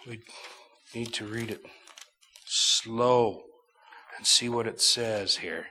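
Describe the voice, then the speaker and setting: Slow-preaching man teaching scripture. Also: lowish voice. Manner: slow, emphatic Bible teaching with sudden loud bursts and quiet drops. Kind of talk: sermon.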